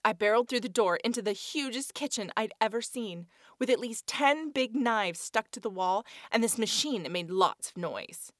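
A woman's voice: on the high side, expressive, moderate pace, few pauses, dry recording. Woman reading a children's story, dry sound. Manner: earnest, childlike first-person telling. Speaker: narrator. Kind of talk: first-person storybook narration.

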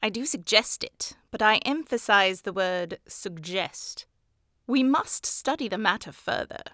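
A woman voicing a calm, precise Victorian male detective who speaks in a measured, lecturing way. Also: mid-range voice, dry recording, clean studio sound. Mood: grave. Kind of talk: audiobook character voice.

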